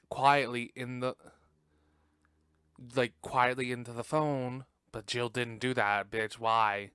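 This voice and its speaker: A man hosts a casual podcast, reacting to a movie in a sassy, profane way and laughing often. His voice is smooth and resonant, recorded dry and close with no room sound. His pitch sits in the middle for a man. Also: flat delivery, takes it slowly, pushed and bright, dry recording. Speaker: podcast host.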